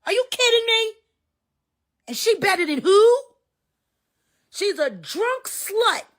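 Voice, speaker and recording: Profane woman ranting with lively pitch. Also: takes it slowly. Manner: profane, cutting, swings between shouting and weary muttering. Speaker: live stream commentator. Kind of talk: heated live rant.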